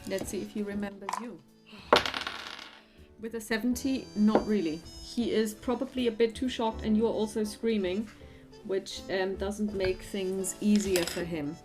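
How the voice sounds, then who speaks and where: A woman's voice: medium pitch, steady tone, unhurried, music in the background. A woman narrating a tabletop horror game as game master, friendly and hesitant, with many fillers.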